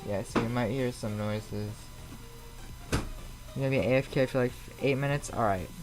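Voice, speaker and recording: Music plays in the background while a man with a mid-range voice talks at normal speed. He's streaming a flight simulator at home, keeping things casual as he answers viewers' messages aloud the moment they arrive.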